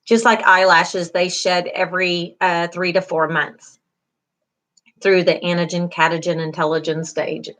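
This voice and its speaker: A woman's voice: fairly low pitch, flat delivery, unhurried, fairly bright tone. Woman teaching a skin lesson. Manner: encouraging, repeats key terms, many fillers. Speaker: beauty school instructor. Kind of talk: online class lecture.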